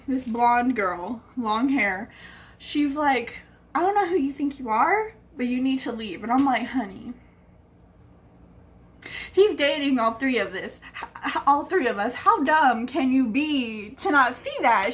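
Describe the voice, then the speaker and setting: A young woman telling a rambling personal story on her vlog, acting out what other people said. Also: high voice. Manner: rambling, acts out quoted people. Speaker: vlogger. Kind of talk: casual storytelling.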